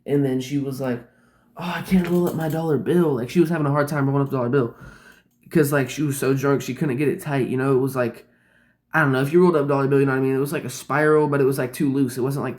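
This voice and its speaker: A man's voice: mid-range voice, steady tone, fast, darkish tone. A man telling a personal story in casual, rambling speech, packed with "like" and swearing. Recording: roomy echo.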